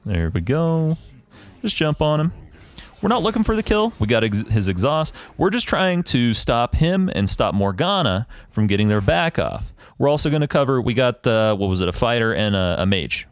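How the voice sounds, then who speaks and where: A gaming YouTuber provides casual commentary over a replay of his own match, talking through his decisions analytically while swearing freely. He comes across as profane, ranting, and self-assured, with a very animated mid-range voice at a moderate pace and no echo.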